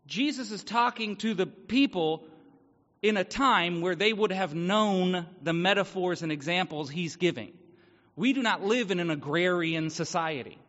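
Male pastor, thirties, joking conversational sermon; slightly high voice, long hall reverb, dull sound. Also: bright, forceful tone. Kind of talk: casual sermon.

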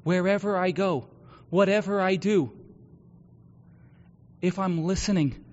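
High-voiced preacher in an echoing hall. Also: male voice, a little slow. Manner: earnest, swings from hushed confession to loud exhortation. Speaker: pastor. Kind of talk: sermon. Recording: dull lo-fi sound with long hall reverb.

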